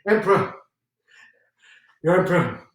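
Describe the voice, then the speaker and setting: A man's voice: high-pitched, lively intonation, unhurried, a little hiss or hum. A brash, scheming British officer narrates his exploits with theatrical flair, as a man acts him out. It is a one-man stage monologue, picked up from far off in a space with heavy reverberation. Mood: boastful. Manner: theatrical, with swings between exasperation and boastful narration. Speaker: solo stage performer.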